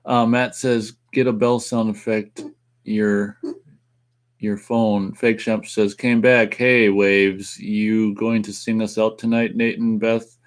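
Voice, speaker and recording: A man's voice: on the low side, level tone, slow. A man co-hosting a casual live radio-style stream, reading viewers' comments aloud and chuckling between them. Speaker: co-host.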